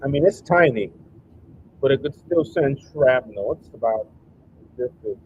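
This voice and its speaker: A man's voice: mid-range voice, expressive, a little slow, lo-fi sound, slight background noise. A man reacting to videos on a live stream, casual and slangy with wry asides.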